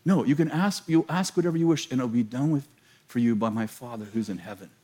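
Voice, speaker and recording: A middle-aged man preaching a sermon, telling a story in an animated, self-mocking way and laughing often. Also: medium pitch, quick pace.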